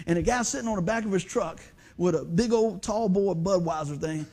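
A man's voice: high voice, a little fast, slight background noise. A male pastor telling funny stories in a sermon, acting out other people's voices and laughing often. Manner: animated, acts out quoted voices, laughs often. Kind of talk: storytelling sermon.

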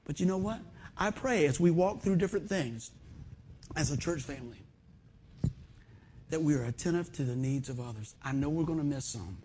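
A man preaching a sermon in a folksy storytelling manner, swinging from loud bursts to quiet asides. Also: a little high, lively intonation, moderate pace, long pauses, a little hiss or hum. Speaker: pastor.

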